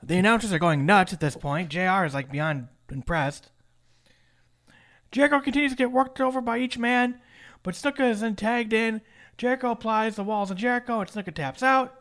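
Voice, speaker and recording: Casting: high-pitched male podcast co-host, brisk recap delivery, dry jokes. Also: fairly bright tone. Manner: brisk play-by-play recap with joking asides. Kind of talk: casual wrestling recap chat.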